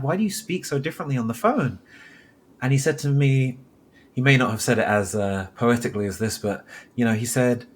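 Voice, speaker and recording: A man from South London, a podcast guest, slowly recalls a memory from his childhood and corrects himself as he pieces it together. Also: mid-range voice. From South London, England. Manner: reflective, recalls details slowly with self-corrections. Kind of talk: personal storytelling in conversation.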